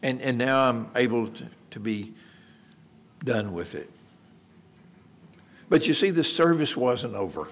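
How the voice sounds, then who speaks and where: A man preaching a sermon in a conversational way, asking rhetorical questions and repeating words as he restarts. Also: mid-range voice. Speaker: pastor.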